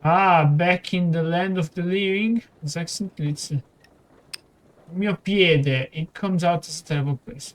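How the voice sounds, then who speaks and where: An Italian gaming channel host with a high voice reads game text aloud slowly during a let's play. He stumbles and halts over the words, muttering asides under his breath.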